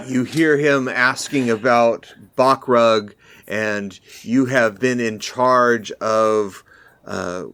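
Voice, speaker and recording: A man narrating as game master of a tabletop fantasy game in a measured, deliberate way. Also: lowish voice, fairly bright tone, smooth, no room sound.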